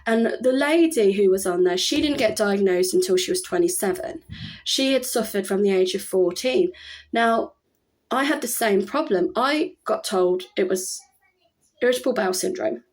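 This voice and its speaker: A woman's voice: mid-range voice, moderate pace. A woman in her thirties talking casually at home about her own experience, rambling and chatty with many fillers and restarts. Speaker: vlogger. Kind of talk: casual personal talk to camera.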